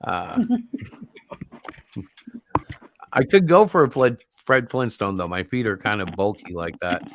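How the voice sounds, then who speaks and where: A man's voice: lowish voice, expressive, unhurried, slight background noise. A man hosting a casual group livestream chat over a video call, joking and rambling, laughing often. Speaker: host.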